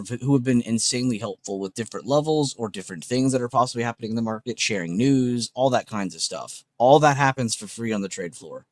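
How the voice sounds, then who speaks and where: A man's voice: mid-range voice, quick pace, hardly any pauses, dry recording. A man hosting a trading livestream, talking in a blunt, emphatic, unscripted way, swearing often and repeating points.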